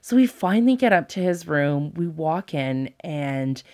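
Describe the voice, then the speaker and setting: A woman's voice: low voice, a little slow. A woman in her thirties, a former TV presenter, telling a story in casual chat, laughing often and acting out what people said. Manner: animated, laughs often, acts out quotes.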